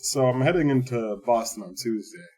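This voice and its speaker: A man's voice: mid-range voice, moderate pace, a little mellow, slightly rough. A man co-hosting a podcast, telling a rambling story in casual chat, swearing freely and laughing as he goes. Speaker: podcast co-host.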